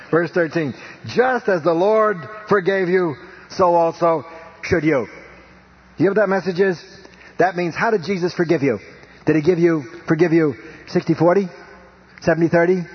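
Husky preacher on an old broadcast. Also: male voice. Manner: emphatic, rhythmic preaching with wide swings in pitch and volume. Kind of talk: sermon. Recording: dull lo-fi radio broadcast.

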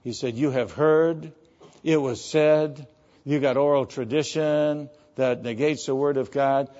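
A man's voice: medium pitch, darkish tone, highs cut off. A man preaching a sermon, reading scripture quotes with rising emphasis and explaining them in plain talk. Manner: emphatic, quoting scripture with raised voice.

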